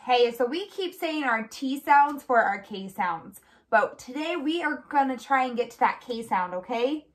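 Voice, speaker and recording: A woman's voice: sits high, animated, normal speed. Patient encouraging woman, speech therapist. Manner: patient, clear step-by-step prompting; encouraging with frequent praise. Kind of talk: instructional demonstration.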